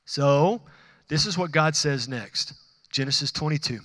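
A pastor delivers a sermon in a high, bright voice, talking casually with the congregation and putting questions to them. He acts out conversations with God in sudden animated bursts. His voice sits close and dry on the mic, with a long reverb tail from a large hall behind it. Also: moderate pace, a little hiss or hum.

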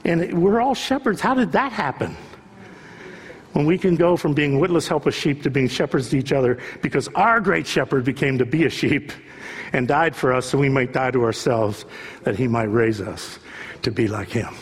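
A man's voice: medium pitch, moderate pace, husky. A male pastor preaching an impassioned sermon, building at times to a raised voice. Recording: long reverb of a large hall.

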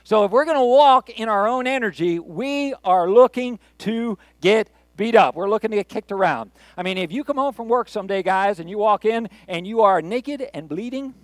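A high-voiced man preaching a sermon, mixing scripture with self-mocking jokes in an easy conversational way. The sound is close and dry, with no room around it. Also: expressive, moderate pace, hardly any pauses, dry recording. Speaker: pastor.

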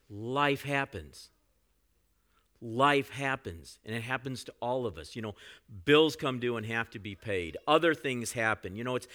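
A man delivers a sermon from the pulpit in a relaxed, conversational way. His voice is bright and forceful, and his pitch sits in the middle range for a man. He often breaks off into asides to the congregation as he preaches. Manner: conversational preaching, frequent "you know" asides. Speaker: pastor.

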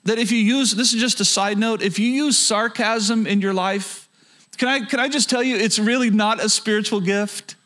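A man's voice: high-pitched, steady tone, moderate pace, a bit bright. A man preaching a sermon as pastor, earnest, with frequent stammered restarts and rhetorical questions to the audience.

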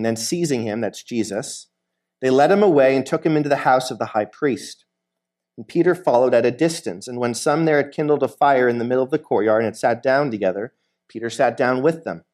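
A man's voice: medium pitch, a little mellow. A man, a guest preacher, giving a sermon in a conversational way, reading a scripture passage and retelling its scenes as he takes on the voices of the people in them. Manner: conversational, asks the listeners questions.

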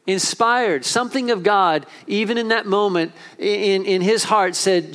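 High-pitched guy preaching to a church, fired up then dropping quiet and earnest. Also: moderate pace, hardly any pauses. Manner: impassioned preaching with rising and falling intensity. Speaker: pastor. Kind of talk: sermon.

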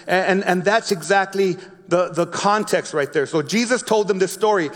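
A man preaching a sermon, reading a Bible story slowly and explaining it in his own words with frequent restarts. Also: high-pitched, in a large hall. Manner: reads scripture slowly, then explains with repeated restarts. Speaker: pastor.

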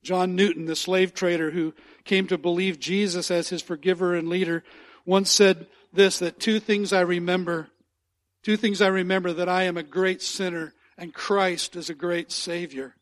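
A man's voice: high voice, little pitch movement, moderate pace. A man preaching a sermon as a pastor, earnest and emphatic, repeating key phrases and reading scripture aloud.

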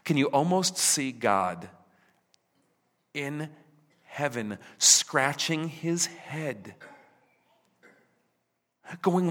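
Slow-preaching man in an echoing hall. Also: on the high side, expressive. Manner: rhetorical questions, dramatic voicing of God, drops to hushed near-whispers. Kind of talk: sermon. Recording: reverberant hall.

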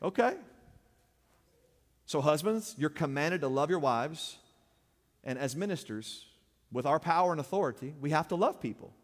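High-voiced preacher in an echoing hall. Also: male voice, animated, normal speed, pauses often. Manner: emphatic, call-and-response, surges louder and higher on key points. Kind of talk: sermon. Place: church sanctuary. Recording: long reverb of a church hall.

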